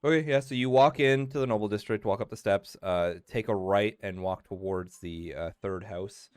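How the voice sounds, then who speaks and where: A man narrating as game master for a tabletop game, pausing often with "uh" and "um". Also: lowish voice, no room sound, faint music behind. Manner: halting, many "uh" and "um".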